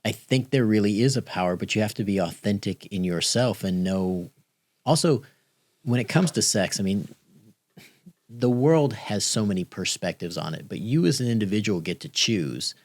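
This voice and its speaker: A man's voice: lowish voice, expressive, moderate pace, darkish tone, no room sound. A middle-aged man hosting a podcast, speaking in a thoughtful, earnest and encouraging way. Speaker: podcast host. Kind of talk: podcast conversation.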